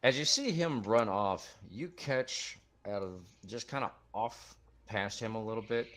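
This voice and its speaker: A man's voice: on the low side, measured pace, fairly bright tone. A man serving as game master, narrating a tabletop game scene with spoken sound effects.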